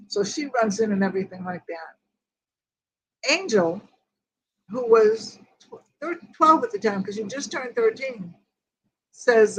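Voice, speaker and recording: A woman's voice: fairly high pitch, a bit bright, a little hiss or hum, low-quality recording. An older woman hosting a grief group, telling a personal story in a rambling way and quoting each conversation word for word. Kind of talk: personal storytelling in casual chat.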